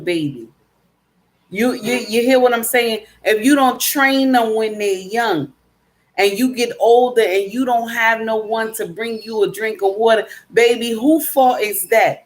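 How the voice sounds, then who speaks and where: A woman's voice: fairly high pitch, a little slow. Emphatic woman lecturing her live chat. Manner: emphatic, preachy, repeats points; calls listeners baby and my dear. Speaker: live stream host reading chat. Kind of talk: casual livestream talk.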